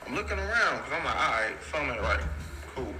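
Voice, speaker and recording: A man's voice: very animated, quick pace, background noise. A man telling a long personal story in a casual, slangy, rambling way. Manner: slangy, rambling, repeats "so boom".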